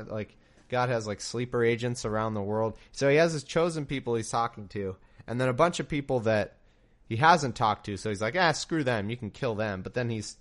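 A young man reading scripture aloud and breaking off into sarcastic, incredulous, rambling commentary. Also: medium pitch.

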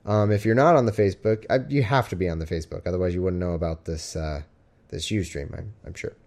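A fast-talking man whose voice sits low and has a darkish tone hosts a podcast livestream from home, where his cat keeps him company. He rambles casually, joking and filling pauses often.

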